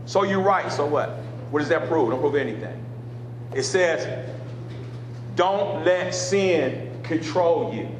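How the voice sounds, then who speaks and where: High-voiced preaching man, echoey room. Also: slow pace, long pauses, slight background noise. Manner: preachy call-and-response, repeats phrases. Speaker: pastor. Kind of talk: sermon teaching.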